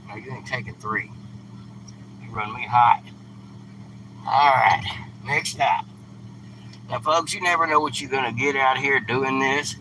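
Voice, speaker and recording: Man, blunt live-stream host, inside a truck, steady mid voice, loud street noise. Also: mid-range voice. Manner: blunt, scolding, plain-spoken. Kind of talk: casual live-stream talk. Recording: traffic noise from outside. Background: car and street noise.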